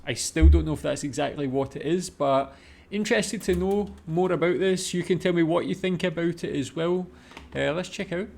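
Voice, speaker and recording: A man's voice: fairly high pitch, normal speed, gravelly, darkish tone, slight background noise. Man musing aloud over a video. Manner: thinking aloud, musing with hums. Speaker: reaction video host. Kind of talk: casual reaction commentary.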